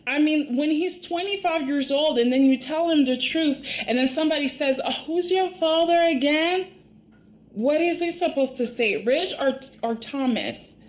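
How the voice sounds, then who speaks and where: A woman giving casual review commentary on a soap opera, animated and exasperated, often restarting her sentences. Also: high-pitched, moderate pace, few pauses, low-quality recording.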